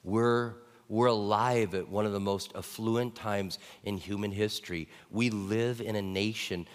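A male pastor preaching a sermon, telling stories with animated, excited peaks. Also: lowish voice, unhurried. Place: church sanctuary. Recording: church hall reverb.

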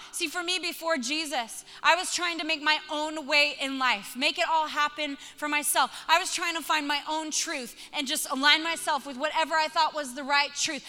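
A woman's voice: sits high, pushed and bright. A woman preaching a sermon in a conversational, emphatic way, urging her listeners on. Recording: long hall reverb.

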